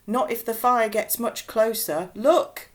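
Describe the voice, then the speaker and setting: Female reader as hurried storybook dad, brisk commands, louder than the narration. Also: on the high side, pitched above the performer's own voice. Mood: urgent. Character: urgent father of a boy.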